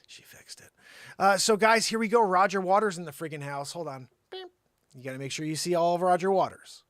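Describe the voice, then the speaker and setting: A man's voice: high-pitched, a little fast, a bit bright, dry recording, clean studio sound. A man hosting a call-in comedy livestream, rambling and teasing an off-screen helper. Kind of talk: joking livestream banter.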